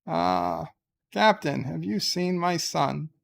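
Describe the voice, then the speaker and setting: A man's voice: a little high, big pitch swings, slow pace, gravelly, exaggerated voice. A man voicing an exasperated woman ship's doctor who is looking for her son, in a comic skit. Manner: weary, exasperated.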